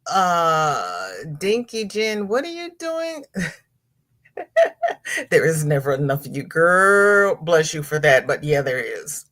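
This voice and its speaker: A woman hosting a casual livestream, greeting chat viewers by name in sing-song hellos and jumping to high exclamations. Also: slow pace. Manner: chatty and animated, with sudden high exclamations. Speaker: livestream host.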